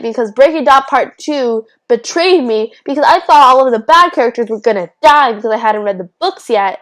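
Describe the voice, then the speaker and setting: A woman's voice: on the high side, lively intonation, moderate pace, a bit bright, low-quality recording. Chatty young woman vlogging. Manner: chatty, self-interrupting, giggly asides. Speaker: YouTuber. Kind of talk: casual would-you-rather vlog.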